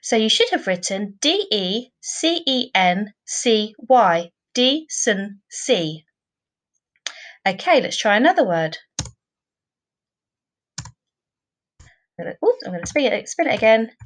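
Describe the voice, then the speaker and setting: A woman teaching a primary school class in a recorded online lesson, speaking clearly and patiently, often adding tag questions. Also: on the high side, big pitch swings, normal speed, poor audio.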